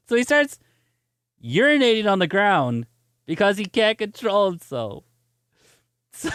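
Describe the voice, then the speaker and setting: Man, gaming streamer, casual chat, laughing storyteller, slightly high voice, smooth, dry sound. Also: slow, pauses often, dry recording. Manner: animated, laughs often while telling a story; reads and answers viewer chat.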